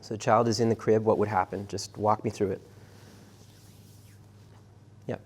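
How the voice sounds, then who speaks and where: A middle-aged man lecturing a class, talking in a halting, conversational way with many restarts and fillers and putting questions to his students. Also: fairly low pitch, level tone, darkish tone, husky. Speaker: university lecturer.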